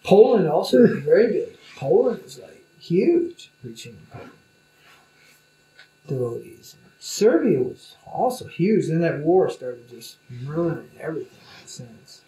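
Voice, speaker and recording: Rambling man, dark voice, echoey room. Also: fairly high pitch, sing-song, measured pace. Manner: loose, rambling speech with many fillers. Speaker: spiritual teacher. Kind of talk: informal conversation.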